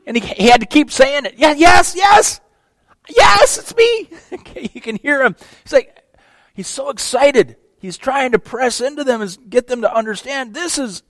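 A man preaching a sermon, animated, acting out the people in the verses he reads. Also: dry recording. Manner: animated, acts out quoted voices with big pitch swings.

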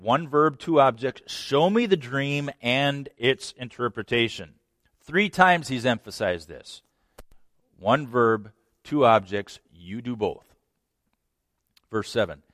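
A man's voice: medium pitch, fairly bright tone, dry recording, studio quality. A man preaching an expository sermon, reading scripture aloud, breaking down its grammar, and laughing at his own jokes. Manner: laughs and jokes between points.

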